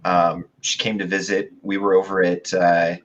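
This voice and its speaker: A man's voice: deep voice, level tone, normal speed, muffled recording, noisy background. A man as a guest in a casual chat, telling stories with many fillers and restarts. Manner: rambling, hesitant with many fillers.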